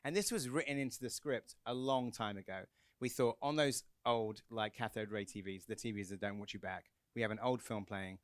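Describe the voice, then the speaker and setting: A man's voice: lowish voice, fairly even intonation, no room sound. Chatty english man telling stories. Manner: quick, chatty, laughing storyteller. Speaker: film director guest. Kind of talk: animated anecdote telling. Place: cinema Q&A on stage.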